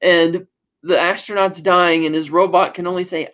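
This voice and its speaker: Here a man with a high-sitting, slightly bright voice speaks at a moderate pace in a flat delivery. He co-hosts a podcast and recaps an episode in casual, rambling chat, restarting often and saying "like" a lot. The recording is dull and lo-fi.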